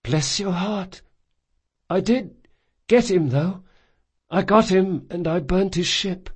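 A man's voice: slow pace, husky, heavily acted. A man voicing a wounded young male thief who is dying, speaking weakly and breathlessly. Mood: proud. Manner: weak, breathless, raised pitch.

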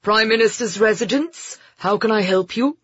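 Narrator voicing a calm, patient male official. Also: mid-range voice, breathy edge, no room sound, pitched above the performer's own voice. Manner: patient, measured. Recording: dull lo-fi audiobook recording.

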